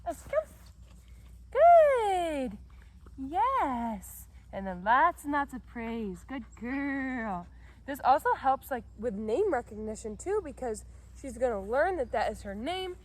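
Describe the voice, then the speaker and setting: A young woman dog trainer, outdoors, explaining a recall exercise and calling the dog in a loud, high-pitched praising voice. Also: lively intonation, normal speed, hardly any pauses. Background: other dogs barking.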